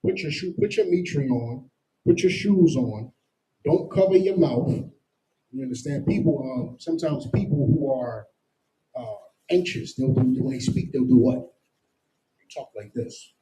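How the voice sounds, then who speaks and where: A man leads a street-style Bible lesson, his voice deep in tone and very dark and mellow. He talks at a moderate pitch, leaning on everyday comparisons and constant check-ins with his listeners. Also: rough recording. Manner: emphatic, repeats "you understand?" constantly; explains with everyday comparisons and slang. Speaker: scripture teacher.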